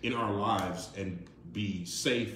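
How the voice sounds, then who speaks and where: Low-voiced man debating in an echoey room. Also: takes it slowly, fairly bright tone, a little hiss or hum. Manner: wordy, argumentative, builds his case. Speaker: podcast co-host. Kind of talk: casual group chat.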